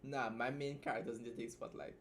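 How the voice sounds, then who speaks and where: A man's voice: medium pitch, steady tone, slight background noise. Blunt, joking Trinidadian man streaming. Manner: blunt, joking, swears freely, fast asides. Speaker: livestream host and writer. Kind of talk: casual livestream chat, reacting and reading a story aloud.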